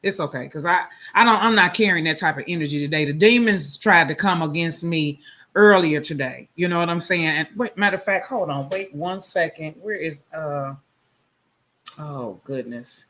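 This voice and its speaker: A man's voice: a little high, moderate pace, sharp tone. A man hosting a casual live stream, talking bluntly and with plenty of profanity, preaching to his viewers. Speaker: livestream host. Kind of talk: casual live-stream talk reacting to a song.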